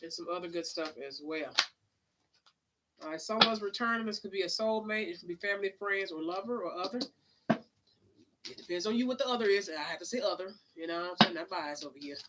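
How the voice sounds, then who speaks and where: A woman's voice: on the low side, brisk, very noisy. A woman giving a casual live tarot reading, chatty and drawling, sniffling now and then. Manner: chatty, drawling, calls listeners honey and child. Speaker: tarot reader.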